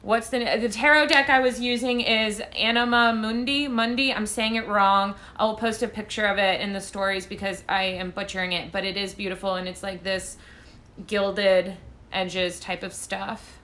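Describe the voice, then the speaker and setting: A woman's voice: mid-range voice, steady tone, normal speed, pushed and bright. A woman tarot reader chatting casually on a phone live stream, rambling and self-deprecating as she answers viewer questions. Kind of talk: casual livestream chat.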